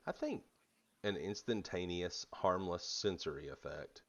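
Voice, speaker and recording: A man's voice: sits low, expressive, unhurried, vocal fry, fairly bright tone, dull audio. A man narrating as game master of a tabletop game, laid-back, with fillers and laughs.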